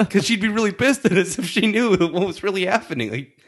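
A young man chats on a podcast and tells a story at ease. His voice sits a bit high, and he laughs often. He puts on little voices for the people in his tale. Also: animated, moderate pace. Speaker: podcast host. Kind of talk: casual storytelling chat.

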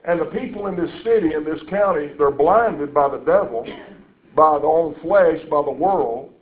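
A man's voice: a little high, normal speed. A man preaching a sermon to a congregation, telling folksy stories and turning to the listeners with asides. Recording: echoey room over a tinny phone-like line.

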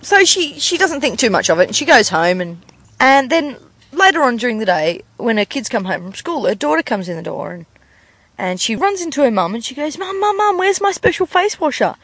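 A woman's voice: a little high, sing-song, a little fast, a bit bright, no echo. Giggly Australian woman chatting in a car. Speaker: podcast co-host. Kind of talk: casual chat. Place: in a moving car.

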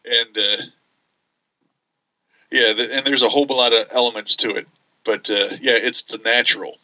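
A man co-hosting a casual podcast, talking in halting, stop-start phrases and speaking about things he loves with enthusiasm. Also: mid-range voice, steady tone, bright, forceful tone, muffled recording. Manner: halting, many fillers and restarts, enthusiastic. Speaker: podcast co-host. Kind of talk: casual chat.

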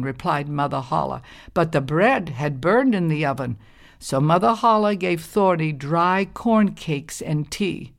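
A woman tells a folktale aloud in a measured, expressive storybook style. Her voice sits on the low side for a woman. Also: creaky. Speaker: narrator. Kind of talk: storybook narration.

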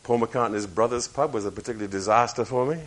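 A man's voice: medium pitch, fast. A man in his sixties, a preacher, giving a personal testimony with wry, self-mocking humor.

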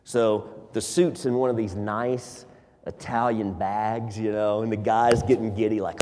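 A male pastor preaching a sermon in a church, telling stories with animated delivery. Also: fairly low pitch, measured pace, noisy background. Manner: animated storyteller, acts out scenes. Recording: long hall reverb.

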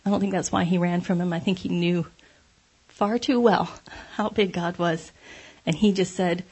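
A woman's voice: fairly low pitch, fairly even intonation, normal speed, a little mellow, breathy edge. A woman giving a conversational devotional talk, candid and self-deprecating, laughing often as she speaks.

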